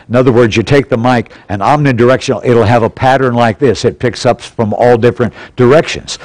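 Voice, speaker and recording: A man's voice: mid-range voice, darkish tone, no echo, low-quality recording. Plain-spoken man teaching, dry sound. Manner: plain, instructive, repeats key points. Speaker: church leadership class teacher. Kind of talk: practical classroom lesson. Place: church auditorium. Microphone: stationary pulpit mic.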